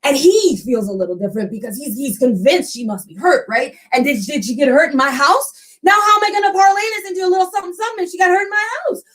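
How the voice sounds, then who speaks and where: Woman telling a spooky story, fairly high voice, swoops all over, super animated. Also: fast talker, few pauses. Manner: expressive, animated narration. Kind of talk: dramatic oral storytelling.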